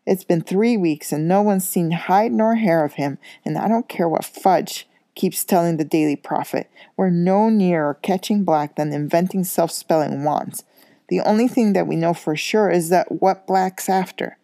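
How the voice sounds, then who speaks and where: A woman's voice: fairly low pitch, normal speed, mellow, dry recording, studio quality, lightly acted. A woman voicing a heated, insistent father. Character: earnest, heated father and ministry worker.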